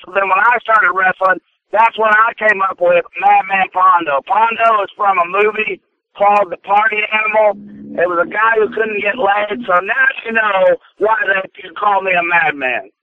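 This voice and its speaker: A man in his forties, a wrestler guest calling in by phone, talking in a loud, blustering promo style. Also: high voice, moderate pace, no echo. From US Midwest. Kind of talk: phone-in interview. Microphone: telephone. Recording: tinny phone line.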